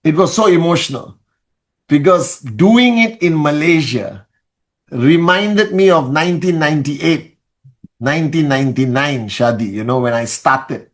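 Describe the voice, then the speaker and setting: Soft-spoken man hosting a live call. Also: fairly high pitch, expressive, measured pace. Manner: softly spoken; greets viewers by name with many shout-outs. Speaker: leader of a network-marketing live call. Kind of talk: live-stream motivational talk.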